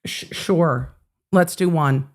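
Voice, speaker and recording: Taking it slowly in a low voice, a woman runs a live legal commentary stream. She riffs on courtroom moments and talks casually and profanely with her chat.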